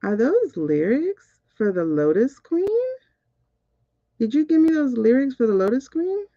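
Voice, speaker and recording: A woman hosting a casual spiritual reading, excitable and talking straight to her viewers. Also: a little high, measured pace, no echo, dull audio. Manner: excitable, keeps repeating "hold on". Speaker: spiritual reader and host. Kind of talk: casual livestream card reading.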